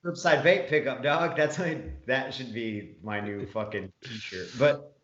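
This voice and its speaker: A man's voice: medium pitch, measured pace. A man telling a long story in casual podcast chat, rambling and swearing often. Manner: profane, rambling, animated storyteller. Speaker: podcast co-host. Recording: roomy, dull lo-fi sound.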